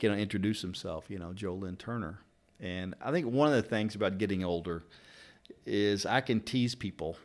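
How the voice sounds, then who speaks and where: A middle-aged barber from Louisville speaks with a Kentucky accent in a fairly low voice. He is a rambling, lively storyteller in casual conversation, piling up anecdotes. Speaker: barber and interviewer. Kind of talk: casual chat.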